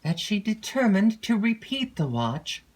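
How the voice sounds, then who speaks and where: A woman narrating a classic gothic novel in an unhurried, measured storytelling voice. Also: mid-range voice, sing-song, darkish tone, low-quality recording. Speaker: audiobook narrator.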